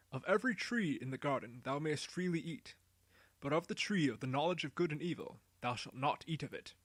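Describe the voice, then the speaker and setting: A weary, ancient storybook patriarch who tells old tales in a hushed, slow, solemn voice, as a man puts him on. The voice sits a little high for a man but stays gentle and heavy with age. The sound is close and dry. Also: dry recording. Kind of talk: storybook character voice.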